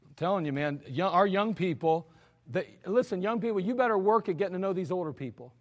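Pastor guy preaching, blunt and scolding, kinda high voice, big echoey church sound. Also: expressive, quick pace. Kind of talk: sermon.

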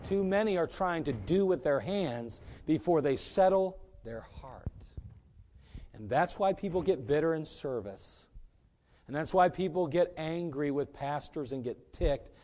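A man preaching a sermon as pastor, emphatic and rising to loud peaks. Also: a little high, expressive, a little slow.

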